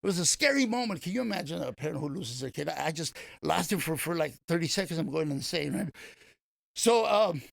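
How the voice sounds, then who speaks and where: An older man from East Los Angeles spins a long personal story in a gravelly, slightly high voice, stopping and restarting as he goes. His voice sits close and dry, the way it sounds in a radio studio. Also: animated, fairly quick, a bit bright, no room sound. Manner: rambling anecdotes with many restarts and fillers. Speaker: comedian guest. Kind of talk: casual storytelling interview.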